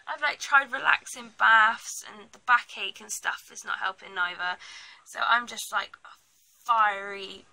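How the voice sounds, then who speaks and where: Young British woman, casual vlogger, blunt and ranty, very bright tone. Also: mid-range voice, fairly even intonation, measured pace, rough recording. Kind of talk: casual pregnancy vlog chat.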